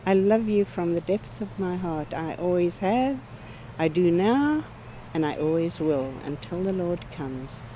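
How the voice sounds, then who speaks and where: A woman's voice: fairly low pitch, lively intonation, measured pace, mellow, slight background noise, low-quality recording. An older woman from Africa, giving an earnest, heartfelt missionary update and repeating her thanks. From South Africa. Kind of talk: personal ministry update.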